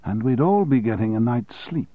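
A man reading an audiobook and voicing a calm, cautious male adviser who speaks in a measured way. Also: medium pitch, no room sound, voice pushed up, lightly acted.

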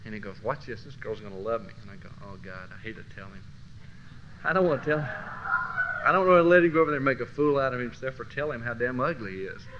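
A man teaching a Christian class through personal storytelling, swinging from low murmurs to loud bursts. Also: lively intonation, fast. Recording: dull lo-fi recording with faint hiss.

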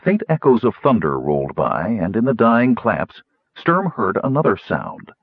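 A man reading a fantasy story aloud, narrating lively and putting on higher voices for the characters. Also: normal speed, husky, no room sound, phone-quality sound. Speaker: audiobook narrator.

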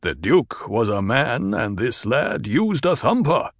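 A man voicing a stern, commanding desert tribal leader who speaks slowly and gravely. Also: mid-range voice, very animated, no room sound, clean studio sound, full character voice. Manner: measured, slow, authoritative. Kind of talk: audiobook character voice.

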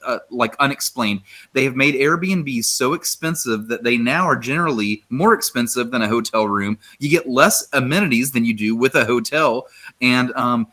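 A man's voice: medium pitch, bright, forceful tone. A man co-hosting a casual group chat, ranting bluntly with plenty of swearing. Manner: profane, blunt, laid-back. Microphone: video call.

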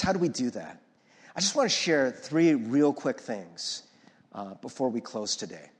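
A man preaching a sermon as pastor, lively and conversational, often asking the audience to follow along. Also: mid-range voice, husky. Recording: long reverb of a large hall.

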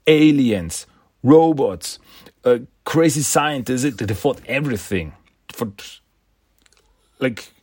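A man's voice: mid-range voice, a little mellow, slightly rough, dry recording, studio quality. A man casually recapping a comic book issue, enthusiastic and rambling, often laughing and restarting words.

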